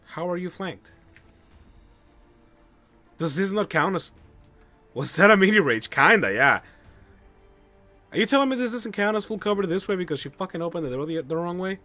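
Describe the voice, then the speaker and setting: A man streaming a game live, commenting excitedly and swearing at bad luck. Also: sits high, normal speed, long pauses, faint music behind. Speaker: gamer streaming a playthrough.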